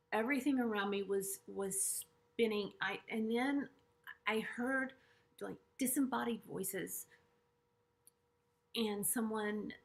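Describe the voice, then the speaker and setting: A middle-aged woman earnestly telling a personal story to camera, halting and restarting often and dropping to hushed asides. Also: a little high. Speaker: vlogger sharing a personal story.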